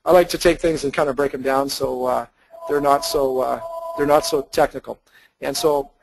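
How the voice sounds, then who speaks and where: A man's voice: medium pitch, gravelly, rough recording. A man presenting real estate investment data over slides in a casual, explanatory way, with many fillers and restarts.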